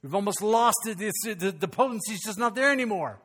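A man preaching a sermon as pastor, animated and calling out questions to his congregation. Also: high-pitched, fairly quick, hardly any pauses, long reverb tail.

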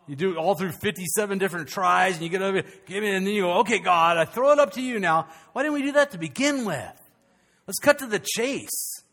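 An older man preaching a sermon as pastor, swinging from loud, animated outbursts to hushed, quiet passages. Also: high-pitched.

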